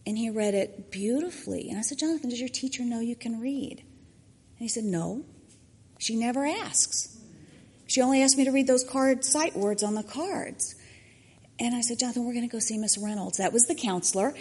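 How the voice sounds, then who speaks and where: A woman's voice: a little high, fairly quick, a bit bright, slightly rough. A woman, a church mentor giving a personal testimony, acting out the quotes in her story. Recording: long hall reverb.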